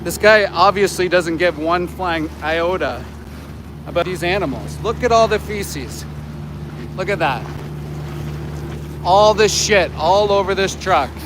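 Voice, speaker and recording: Outside a slaughterhouse by the roadside, a Canadian animal rights activist in his forties holds his phone for a live street vlog. His high voice is a little slow with long pauses as he rants in indignation and shouts at truckers. Passing trucks and traffic can be heard.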